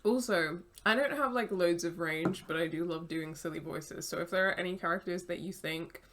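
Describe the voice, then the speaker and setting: A woman's voice: on the low side, normal speed, background noise. A woman streaming a game, chatting casually with a giggly, rambling manner full of "like". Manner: chatty, giggly, many "like" fillers.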